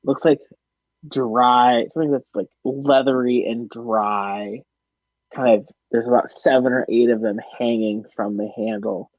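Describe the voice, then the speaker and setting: A young man narrates a tabletop game at a slow, halting pace, often pausing on fillers. His voice sounds dull and lo-fi, as if from a basic home mic, and the sound is dry. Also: mid-range voice, fairly even intonation, a little mellow, no echo. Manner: hesitant narration with many fillers. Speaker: dungeon master. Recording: dull lo-fi audio.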